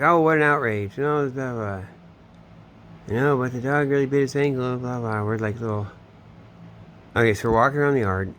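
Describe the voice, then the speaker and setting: A man's voice: mid-range voice, fairly bright tone, slight background noise. A man telling a long, meandering personal story, swearing often and trailing off mid-sentence. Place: home in Florida.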